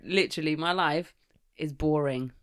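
A woman's voice: low-pitched, moderate pace, clean tone, no room sound, studio quality. A woman, co-hosting a podcast at home in casual chat, easily distracted and laughing often. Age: 20s. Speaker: podcast co-host. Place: home room by a garden window.

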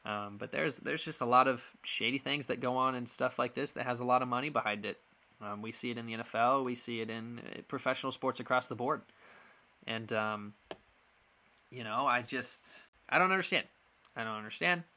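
A man's voice: mid-range voice, fairly even intonation, fairly quick, sharp tone. A young man hosting a sports podcast, giving a frank, frustrated opinion monologue with lots of ums and restarts.

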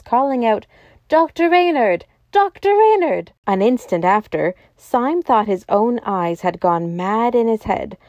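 A woman narrates a novel in a steady, measured audiobook reading. Her voice is mellow and warm, and the recording is dry and close with no room sound. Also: medium pitch, no room sound, highs cut off. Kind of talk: scripted storybook narration.

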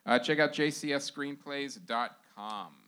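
A man hosting a podcast live, reading sponsor shout-outs in a loose, laughing, informal way. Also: medium pitch, unhurried, clean tone. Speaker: podcast host. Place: live show venue.

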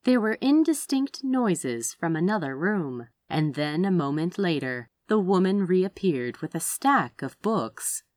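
A woman narrating a story aloud with an expressive reading. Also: fairly low pitch, measured pace, few pauses, dry recording. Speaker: audiobook reader.

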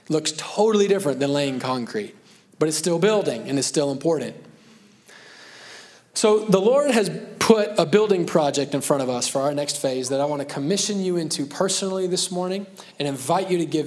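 A man's voice: fairly high pitch, expressive, fairly quick, darkish tone. A man in his thirties preaching a sermon as pastor, earnest and conversational, with self-deprecating asides.

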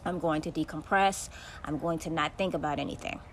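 A woman's voice: deep voice, fairly even intonation, brisk, a little hiss or hum. Profane woman venting on a podcast. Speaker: podcast host. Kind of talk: solo podcast monologue.

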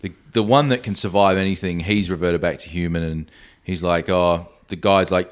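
Low-voiced man retelling a film plot. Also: steady tone, brisk, few pauses. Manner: meandering retelling with fillers. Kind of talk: casual film review chat.

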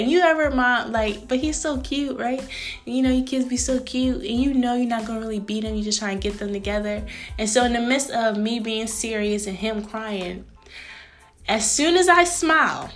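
Animated woman hosting a faith podcast. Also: a little high. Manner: warm, preachy, addresses listeners as sis; animated, frequent laughs, acts out greetings. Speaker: podcast host. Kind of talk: faith-based motivational podcast talk.

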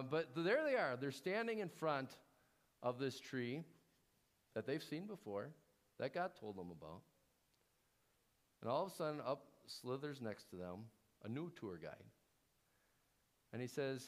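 A man's voice: medium pitch, big pitch swings, a little slow. A male preacher telling a sermon in a storytelling way, with playful asides.

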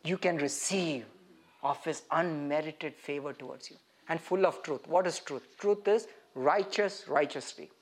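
A man preaching an interactive sermon, animated and putting questions straight to his listeners. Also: on the high side, measured pace.

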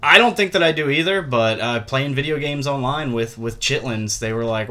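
A man's voice: medium pitch, a little fast, sharp tone. A man from Maryland with a Maryland accent, hosting a podcast in loose, profane casual chat. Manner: loose, swears freely. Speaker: podcast host.

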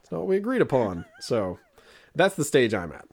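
A man's voice: mid-range voice, a little fast, vocal fry. A man in his thirties co-hosting a podcast, telling funny stories in casual chat and acting out quotes. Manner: animated storytelling with put-on quotes. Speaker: podcast co-host.

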